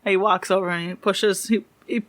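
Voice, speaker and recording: A woman running a tabletop game as game master, narrating in a rambling, animated way. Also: medium pitch, normal speed.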